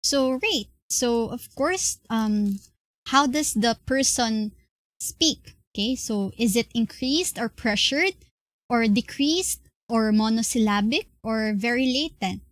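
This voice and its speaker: A young woman with a Filipino accent giving an online class lecture, explaining slowly with many fillers and restarts. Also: fairly high pitch, lively intonation, dry recording. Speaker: class presenter.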